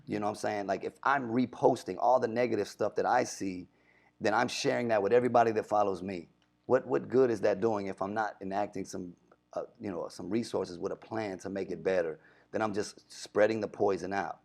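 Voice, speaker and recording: Radio dj guy, low gravelly voice, earnest and fired up, keeps saying you know what im saying. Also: steady tone, a little fast, a little mellow. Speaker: radio DJ guest. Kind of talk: casual interview chat.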